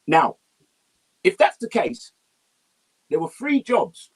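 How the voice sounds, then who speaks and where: A man telling animated anecdotes as an interview guest, often laughing and breaking into song. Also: high-pitched, slow pace, slightly rough.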